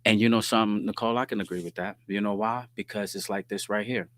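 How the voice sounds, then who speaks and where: A man's voice: lowish voice, fairly even intonation, fast talker, a bit bright. A middle-aged man, hosting a casual talk stream, telling stories in slang and reading viewer comments. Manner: streetwise slang, storytelling, frequent "you dig what I'm saying". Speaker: host.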